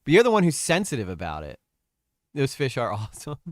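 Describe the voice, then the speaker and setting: A man's voice: medium pitch, huge pitch swings, a little fast, no room sound, clean studio sound. Crude exasperated male streamer. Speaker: stream commentator. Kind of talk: reaction commentary stream.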